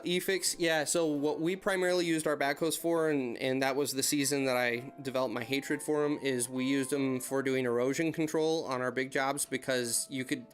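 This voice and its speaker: A man's voice: mid-range voice, fairly bright tone, clean tone. A man from the United States hosting a casual live-stream Q&A from his desk, chatting in rambling anecdotes and greeting viewers by name. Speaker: YouTube channel host, heavy equipment operator.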